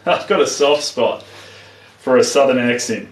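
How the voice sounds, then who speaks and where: A man's voice: mid-range voice, moderate pace, recorded from a distance, a little hiss or hum. A man with a New Zealand accent chatting casually to live viewers while he paints, trailing off as he works. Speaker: artist streaming live. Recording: roomy, mic set back from speaker.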